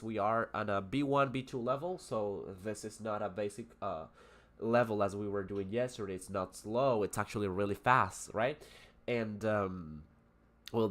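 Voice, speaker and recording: Man teaching English on a livestream. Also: fairly low pitch. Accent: Spanish. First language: Spanish. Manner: rambling, many fillers and self-corrections. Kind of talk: casual livestream lesson, reading aloud and chatting.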